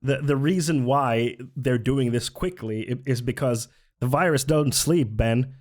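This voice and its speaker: A man's voice: medium pitch, unhurried, a little mellow. Sarcastic man mocking a clip. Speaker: reaction commentator. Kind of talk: casual reaction commentary.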